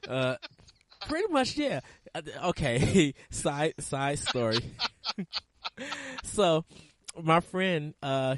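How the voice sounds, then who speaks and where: A man's voice: a little high, no room sound. A man hosting a casual gaming podcast, rambling through side stories and laughing often. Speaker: podcast host.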